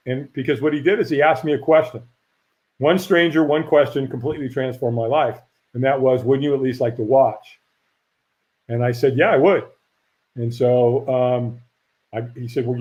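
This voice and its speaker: Middle-aged man telling a lively story. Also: medium pitch. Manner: lively storyteller acting out quoted voices. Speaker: firewalk instructor and guest. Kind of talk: casual storytelling interview. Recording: dull lo-fi audio.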